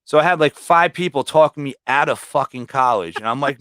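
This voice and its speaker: A man who is a livestream guest, rambling through personal stories and swearing freely. His voice sits at an ordinary middle pitch. The recording is dry and close, with no room echo. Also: animated, a little fast, hardly any pauses, a bit bright. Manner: rambling, heavily profane storytelling. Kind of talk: casual storytelling.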